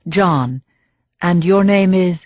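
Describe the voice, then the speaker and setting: A woman narrator voicing a steady, reassuring male doctor in his thirties. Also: lowish voice, takes it slowly, no echo, highs cut off. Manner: assuring, steady.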